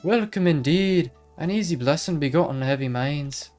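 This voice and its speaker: A man's voice: fairly high pitch, lively intonation, moderate pace, darkish tone, faint music behind, pitched above the performer's own voice, close to an everyday voice. A man voicing a bouncy, ancient female fairy in a put-on Irish accent, with dreamy, garbled, old-fashioned phrasing. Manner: lilting, garbled archaic phrasing.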